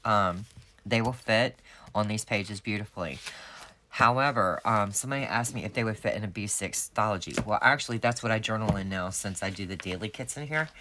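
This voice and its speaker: A woman's voice: extremely low pitch, a little fast, a bit bright, a little hiss or hum. A woman, chatting casually to her viewers as she sets up a planner, rambling and friendly. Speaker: planner sticker shop owner. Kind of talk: casual planner setup vlog.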